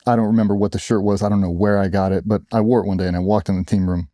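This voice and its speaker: In a casual interview, an ex-special operations operator in middle age races through blunt war stories, swearing at times and playing out what other people said. His lowish, mellow voice stays steady, recorded in clean studio sound with no room sound.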